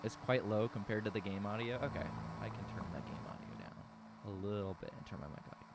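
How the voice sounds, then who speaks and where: A man's voice: fairly low pitch, quick pace, very noisy. A man casually commentating a story game and joking with his chat. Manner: relaxed, joking and chatty with chat. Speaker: game streamer. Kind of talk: casual let's-play commentary.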